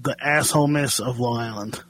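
A man co-hosting a casual comedy radio show, throwing in sarcastic, deadpan jabs. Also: medium pitch, moderate pace.

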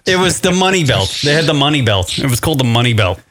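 A man's voice: mid-range voice, quick pace. A man hosting a radio talk show, chatting casually, rambling and swearing a lot. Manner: rambling, swearing often, animated. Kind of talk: casual chat.

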